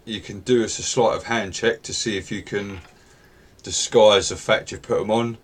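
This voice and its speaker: A man runs a tabletop game in a low voice. His talk is relaxed and rambling, full of ums and asides. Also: normal speed. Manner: relaxed and rambling, with many fillers. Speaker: game master.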